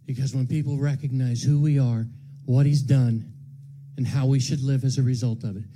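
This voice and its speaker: A man preaching an Easter sermon to his congregation, moving from hushed tones to shouts and repeating his words for emphasis. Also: medium pitch, steady tone, moderate pace, slight background noise. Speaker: pastor. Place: church sanctuary with congregation.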